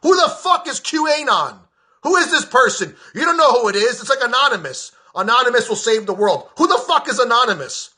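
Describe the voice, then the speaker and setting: High, bright-voiced man ranting angrily. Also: sing-song, a little fast. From United States. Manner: heated, profane, sarcastic. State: agitated. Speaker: veteran political commentator. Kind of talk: angry political rant.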